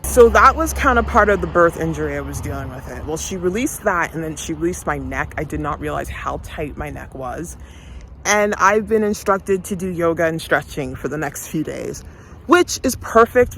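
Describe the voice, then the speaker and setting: A woman chatting casually for her vlog while walking her dog outdoors, a little out of breath, breaking off to talk to the dog. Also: lowish voice. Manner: chatty, talks to her dog between sentences. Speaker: vlogger.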